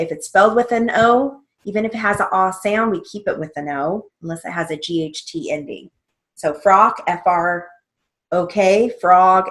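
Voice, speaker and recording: A woman's voice: medium pitch, a bit bright. A woman teaching steno theory in a patient way, spelling out words letter by letter. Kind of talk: slow spelled-out instruction.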